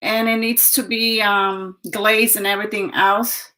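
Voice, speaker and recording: On a video call, a woman with a mid-range, pushed, bright voice speaks at a measured pace in a level tone. A guest artisan, she shows off her handmade clay pieces in a casual show-and-tell, chatty and breathless with little laughs.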